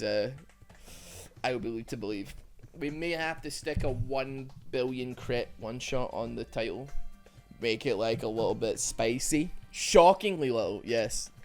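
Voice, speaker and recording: A man giving rambling, self-mocking commentary over a video game, with quick asides. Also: mid-range voice. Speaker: gaming YouTuber. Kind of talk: joking gameplay commentary.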